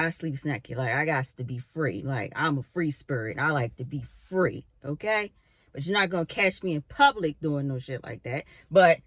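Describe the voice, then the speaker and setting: A young woman vlogging from her bedroom, telling a spiritual story in a casual, animated way, full of fillers and casual swearing. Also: fairly low pitch, dry recording, clean studio sound. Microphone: camera in a bedroom.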